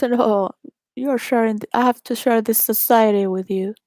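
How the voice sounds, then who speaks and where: A woman's voice: a little high, fairly even intonation, moderate pace, dark tone, no room sound, studio quality. A woman from Venezuela telling candid personal stories in a rambling way, laughing often and restarting her sentences.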